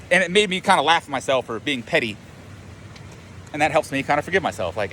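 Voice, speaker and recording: Male vlogger and life coach, casual self-mocking ramble with lots of swearing, slightly high voice. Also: very animated, fast talker, pauses often, sharp tone, a little hiss or hum. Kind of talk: casual spoken monologue.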